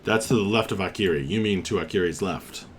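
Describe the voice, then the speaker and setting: A man's voice: deep voice, a little fast, a little hiss or hum. A man running a live-streamed tabletop game as game master, narrating vividly with frequent fillers.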